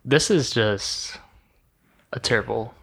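A man in casual podcast chat who speaks in a wry, drawn-out way. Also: medium pitch, creaky, a bit bright, breathy edge.

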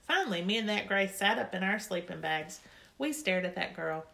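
A woman's voice: fairly low pitch, normal speed, creaky, a bit bright. Woman reading a storybook like a kid. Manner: chatty, childlike first-person telling. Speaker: audiobook reader. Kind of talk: storybook narration in a child's voice.

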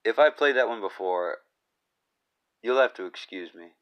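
A man's voice: fairly low pitch, expressive, moderate pace, lo-fi sound. A man hosting his own comedy podcast alone, rambling through jokes with profane, self-deprecating asides. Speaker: podcast host. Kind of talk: comedic solo podcast monologue.

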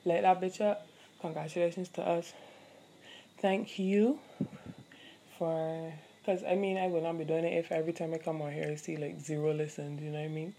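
A young adult woman hosts her own podcast, telling a story in a candid, profane, chatty style packed with fillers. Her low, warm voice has a flat delivery and moderate pace, with slight background noise.

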